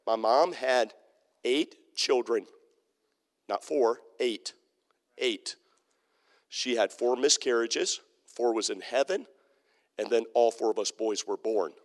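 A man's voice: medium pitch, expressive, slow pace, long pauses. Emphatic male preacher in a reverberant hall. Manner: emphatic, repetitive preaching with frequent "Okay?" check-ins. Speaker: pastor. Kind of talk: sermon.

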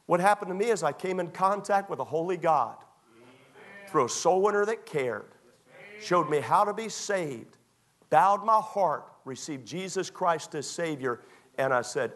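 A man preaching a sermon as pastor, emphatic and repetitive, often dropping to a quiet tone. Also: fairly high pitch, expressive, unhurried.

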